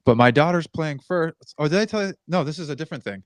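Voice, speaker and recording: A man's voice: on the high side, animated, fast talker, no echo. A man co-hosting a podcast who vents in rambling casual chat and laughs often. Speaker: podcast co-host.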